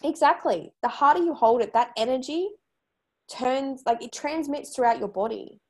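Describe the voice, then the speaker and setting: Woman host, fairly high voice, earnest and insistent, casual chat. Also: lively intonation, moderate pace, slightly rough. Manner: earnest, emphatic, repeats points for stress. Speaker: podcast host.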